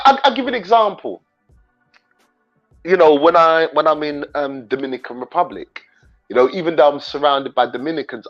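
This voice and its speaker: A man's voice: on the high side, lo-fi sound. London man chatting on a livestream. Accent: London English mixed with Jamaican patois. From England. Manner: rambling, talks straight to viewers. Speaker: livestream host. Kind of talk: casual livestream chat.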